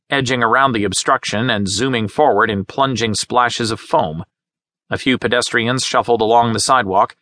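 Dry, bright-toned male audiobook narrator. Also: medium pitch, dry recording. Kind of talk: scripted narration.

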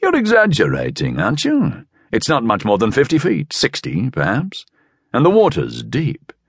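A man's voice: mid-range voice, huge pitch swings, normal speed, creaky, husky, dry recording, studio quality, voice pushed up, heavily acted. A man voicing a cool, mysterious young man who teases and coaxes, in an audiobook. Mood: teasing. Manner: cool, teasing, coolly persuasive. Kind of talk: audiobook character voice.

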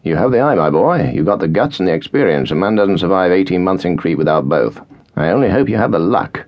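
A man voicing a grave, measured British officer. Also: sits low, animated, highs cut off, pitched above the performer's own voice.

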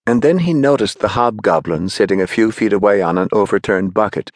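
A man narrating a children's audiobook in an expressive storytelling manner. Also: fairly low pitch, fairly quick, few pauses, no echo, clean studio sound. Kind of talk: scripted narration.

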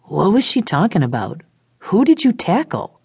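Brief: woman doing puzzled worried man, lively questioning tone, dry sound. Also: mid-range voice, moderate pace, gravelly, husky, dry recording, voice pushed up, heavily acted.

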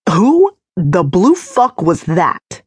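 A woman's voice: fairly low pitch, very slow, breathy edge, dry recording, studio quality, heavily acted. A woman voicing a blunt, defiant battered man. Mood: angry. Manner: blunt, flat, pushy. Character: combative battered young man, defiant and demanding.

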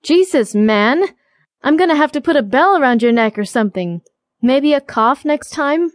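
A woman voicing a quick-tempered, sarcastic young woman in an audiobook romance. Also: high-pitched, lively intonation, no room sound, clean studio sound, voice pushed up. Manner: sarcastic, exasperated.

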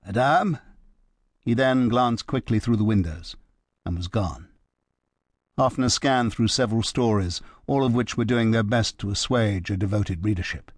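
Low, dry-voiced male narrator. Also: moderate pace, dry recording. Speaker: audiobook narrator. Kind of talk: scripted narration.

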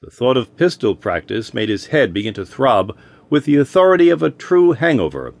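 A man's voice: mid-range voice, normal speed, gravelly. Man narrating a wry audiobook. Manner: wry, expressive storytelling.

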